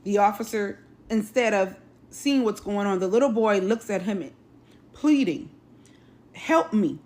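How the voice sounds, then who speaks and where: A woman's voice: medium pitch, moderate pace, darkish tone. A woman hosting a social video, retelling a news story in urgent, clipped phrases. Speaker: host.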